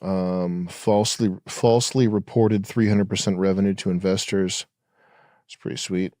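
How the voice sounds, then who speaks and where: A man's voice: low voice, flat delivery, normal speed, mellow, no echo, studio quality. A man in casual podcast chat, talking bluntly and crudely and reading links aloud.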